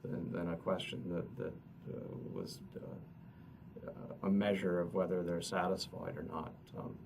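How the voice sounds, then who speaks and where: A man, an economist, explaining survey results at a press conference in a halting way, often repeating words. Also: low-pitched, flat delivery, gravelly. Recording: distant mic with noticeable noise.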